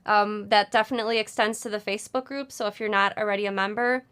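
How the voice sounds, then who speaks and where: Woman co-host, 30s, smooth clear voice, easygoing and chatty, laughs easily. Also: medium pitch, fast. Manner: chatty, relaxed, laughs often. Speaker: co-host of a sewing channel. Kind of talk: casual chat.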